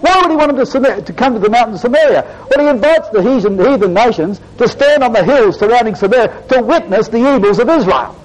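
A man preaching a Bible exposition to his congregation, emphatic and animated, often addressing them as brethren and sisters. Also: extremely high pitch, fast talker, hardly any pauses, rough recording. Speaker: lay preacher giving a Bible talk.

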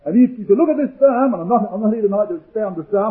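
A man preaching a fervent sermon, swinging from hushed asides to booming declarations. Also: expressive, quick pace, few pauses. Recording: tinny, phone-like old recording.

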